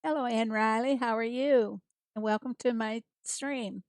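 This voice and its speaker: A woman's voice: fairly high pitch, steady tone, measured pace, no echo. An American woman chatting casually with viewers as she streams a farming game, greeting them by name and laughing often. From United States. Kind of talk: casual livestream chat.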